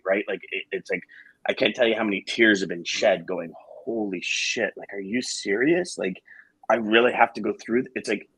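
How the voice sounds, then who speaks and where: A man's voice: fairly low pitch, a bit bright, husky, dry recording, poor audio. A man co-hosting a live show, talking to listeners frankly and with emotion, with blunt swearing and jokes. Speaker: co-host of a live sales morning show. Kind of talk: candid casual talk to listeners.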